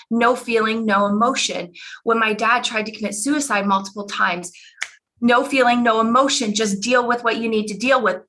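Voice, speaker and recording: A woman's voice: on the high side, steady tone, moderate pace, fairly bright tone, rough recording. A middle-aged woman coach telling her followers a candid, emotional personal story in a conversational way. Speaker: business coach.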